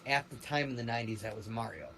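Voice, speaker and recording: A man co-hosting a livestream in casual chat, rambling and animated, with many fillers and restarts. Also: medium pitch, fast, a little hiss or hum, poor audio. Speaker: stream co-host.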